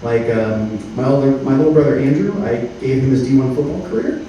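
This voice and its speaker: A man in his thirties performing a stand-up comedy set on a club stage, deadpan, with frequent filler words. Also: medium pitch, brisk, lo-fi sound, a little hiss or hum. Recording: roomy club sound from a distance. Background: faint room ambience.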